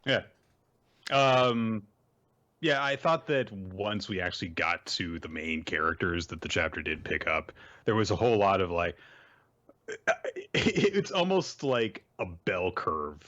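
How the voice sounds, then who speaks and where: With the highs cut off, this low-pitched podcast co-host speaks at a slow pace. He gives an animated, rambling manga recap, chatting casually and filling it with fillers.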